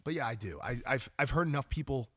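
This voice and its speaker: A man's voice: medium pitch, animated, fast. A man speaking as a podcast guest in casual conversation, earnest and open, often restarting his sentences. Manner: earnest, frequent restarts and fillers. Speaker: podcast guest, jiujitsu instructor.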